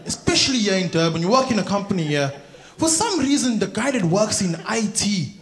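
South African comedian in an echoey theatre. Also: male voice, sits high. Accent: South African English. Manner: storytelling, teasing the crowd. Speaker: stand-up comedian. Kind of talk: stand-up comedy. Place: large theatre stage. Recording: echoey theatre with audience noise.

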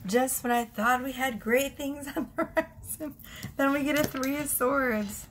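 This young woman's voice is high and her pace measured as she gives a casual tarot reading at home. She chats freely, giggles often, and keeps interrupting herself.

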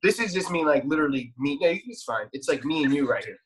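A man's voice: a little high, lively intonation, fast talker, over a noisy crowd. A young adult man guesting on a casual podcast, rambling and restarting his sentences, swearing freely.

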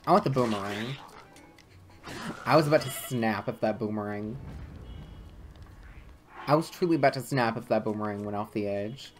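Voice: mid-range voice, normal speed, pauses often, over music. A let's play gamer giving casual gameplay commentary, swearing often and muttering irritably at the game.

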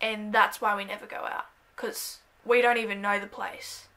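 An Australian woman vlogging a playful, self-mocking comedic monologue to camera, breaking into loud bursts. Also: mid-range voice, flat delivery, moderate pace.

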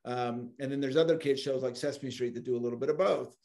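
A man hosting a podcast, asking his guest curious follow-up questions in a relaxed, conversational way. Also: mid-range voice, quick pace. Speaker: podcast host. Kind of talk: casual interview chat.

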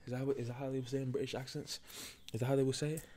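An ASMR creator sits before a camera at home, his mid-range, warm voice barely shifting in pitch as he talks very fast. Close to his ASMR mic, he rambles chaotically and jokes, hopping between whispers and normal speech.

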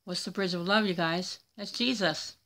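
A woman's voice: fairly low pitch, normal speed, fairly bright tone. A woman hosting a casual religious video from home, reading out viewer comments and speaking in a chatty, tender way. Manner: chatty, tender, addresses viewers as "you guys" and "y'all". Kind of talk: casual religious talk to camera. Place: at home in Florida.

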